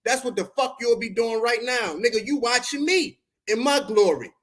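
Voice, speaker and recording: Confrontational, high-voiced podcast host. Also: male voice, normal speed, fairly bright tone. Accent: Baltimore. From Baltimore. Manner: confrontational, profane, preachy street talk. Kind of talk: heated livestream rant at chat.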